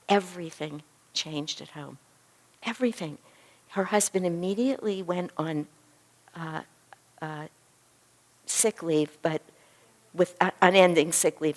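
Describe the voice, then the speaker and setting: A middle-aged woman, a physician and spiritual teacher, telling a story to a class and acting out the dialogue. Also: low-pitched. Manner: animated storyteller who acts out dialogue.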